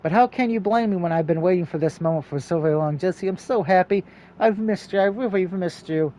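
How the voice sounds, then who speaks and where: A man's voice: high voice, fast talker, dark tone, lightly acted. A man reading aloud as an anxious, gushing teenage girl from a game. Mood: pleading.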